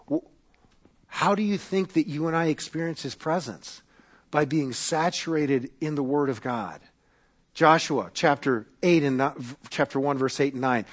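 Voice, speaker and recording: A man preaching a sermon as pastor, swinging from loud emphatic peaks to quiet asides, with frequent restarts. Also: mid-range voice, animated, normal speed. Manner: retells stories with quoted voices, self-correcting restarts.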